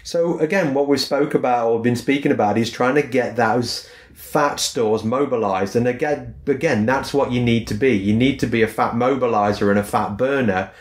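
A man's voice: mid-range voice, moderate pace. Man explaining fitness in an echoey room. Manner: rambling, repeats "again" as a filler. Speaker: podcast co-host, fitness coach. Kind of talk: casual explanatory podcast chat.

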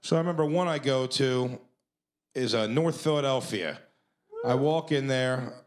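A man's voice: medium pitch, normal speed. A man telling a profane, laugh-filled comedy story on a club stage into a handheld mic. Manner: profane, laughs through his lines. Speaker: stand-up comedian. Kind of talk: stand-up storytelling.

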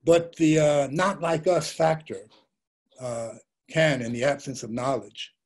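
A man's voice: fairly high pitch, steady tone, a little slow, a little mellow. An older man giving a talk as a journalist, reflective, telling stories and posing rhetorical questions. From Russia and the United States. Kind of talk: lecture.

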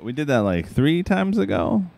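A man's voice: on the high side, big pitch swings, normal speed, creaky, a little mellow. A man chatting casually between songs on a live music stream, joking about doing a silly accent. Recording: music playing behind.

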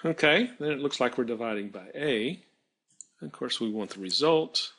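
A male math teacher narrates a screen-recorded tutorial, his voice bright and a little husky. His pitch moves up and down a lot, and he thinks aloud as he works, stopping to fix his own mistakes. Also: animated, normal speed. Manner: thinking aloud while working, self-correcting.

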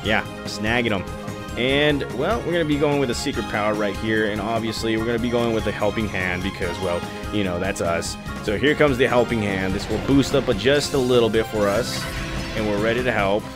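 A man's voice: on the low side, fairly quick, music in the background. A man giving casual commentary over a video game walkthrough, talking straight to his viewers. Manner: chatty, talks to viewers as guys. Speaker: gaming youtuber.

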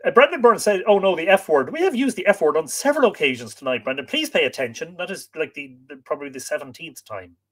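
A man's voice: fairly high pitch, big pitch swings, fast, hardly any pauses, husky. A man, host of a live stream, reading an old story aloud and chatting with viewers between passages.

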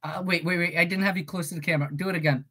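A woman's voice: fairly low pitch, steady tone, rapid-fire, background noise. An eighteen-year-old woman streamer and voice actor chatting casually, goofy and swearing, breaking into yelps.

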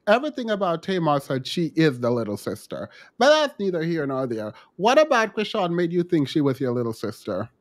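A man's voice: a little high, huge pitch swings, a little fast, few pauses. A man hosting a commentary podcast, reacting to clips in a blunt, opinionated way.

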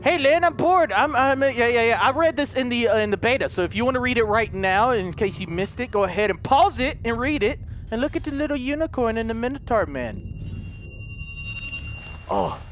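A man's voice: very high voice, animated, fairly quick, fairly bright tone. A man commenting on a horror game he plays, jumpy, swearing and shrieking when startled. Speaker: gaming video host. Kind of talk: let's play commentary. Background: horror game music.

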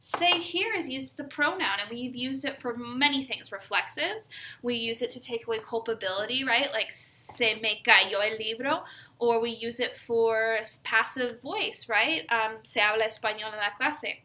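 Female teacher, clear bright tone, higher-pitched, patient explainer, fillers and check-in questions. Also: normal speed, a little hiss or hum. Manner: explanatory, frequent "right?" and "um". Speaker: Spanish teacher. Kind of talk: recorded grammar lesson.

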